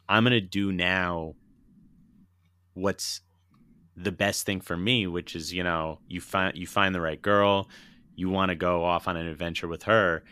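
A young man with a very low but bright, forceful voice talks about films in casual podcast chat. He rambles and gets emotional, swearing as he goes. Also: clean tone, no room sound. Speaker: podcast co-host.

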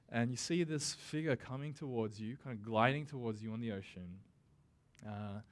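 Conversational man preaching a sermon. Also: mid-range voice. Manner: casual and conversational, with self-deprecating asides; acts out scripture quotes with slow, dramatic emphasis. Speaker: pastor.

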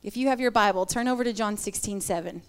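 A middle-aged woman giving an earnest, animated sermon talk with personal stories. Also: medium pitch, fast, clean tone. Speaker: women's ministry speaker.

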